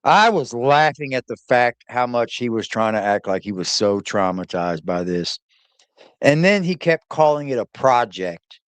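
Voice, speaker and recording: A man's voice: medium pitch, animated, unhurried, smooth, no echo. A man hosting a livestream, casually commenting and greeting his chat. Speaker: livestream host.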